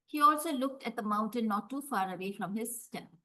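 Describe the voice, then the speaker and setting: A woman telling a folktale, drawing words out and pausing for effect. Her voice sits somewhat high and stays expressive throughout. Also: rough recording. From India. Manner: expressive, drawn-out, dramatic pauses. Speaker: storyteller. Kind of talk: folktale storytelling.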